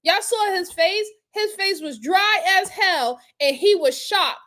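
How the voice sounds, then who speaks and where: A woman's voice: very high-pitched, lively intonation, slow pace, fairly bright tone. A woman hosting a crime review, talking in a casual, slangy and blunt way. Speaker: host reviewing crime footage. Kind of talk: casual commentary.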